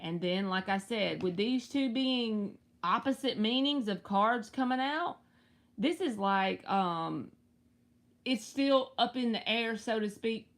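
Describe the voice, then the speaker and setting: A woman in her thirties from Southwest Georgia with a Southern accent, hosting a casual live tarot stream, chatty and quick to laugh. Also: medium pitch. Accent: Southern US, rural Georgia. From Southwest Georgia, USA. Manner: chatty, laughs often, talks to viewers by name.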